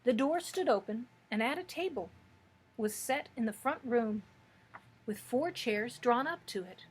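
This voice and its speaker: Husky-voiced woman reading a storybook aloud. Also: fairly high pitch, a little slow. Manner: steady, expressive storytelling. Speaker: librarian. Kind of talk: children's book read-aloud.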